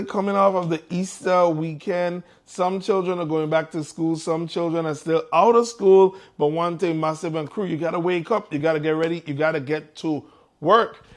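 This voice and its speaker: A man hosting a morning show in an energetic, hyped-up manner. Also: fairly high pitch. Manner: energetic, hyping up listeners. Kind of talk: upbeat morning show chat.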